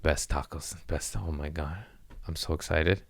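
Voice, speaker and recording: Deep-voiced rambling, profane comedian. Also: male voice, fairly even intonation, a little slow, creaky, no room sound. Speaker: comedian podcast host. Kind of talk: casual podcast chat.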